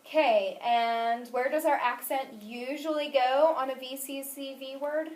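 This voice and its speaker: A woman's voice: high-pitched, fairly even intonation, unhurried. A woman teaching a phonics lesson, asking questions and praising answers patiently. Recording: echoey room, mic at a distance.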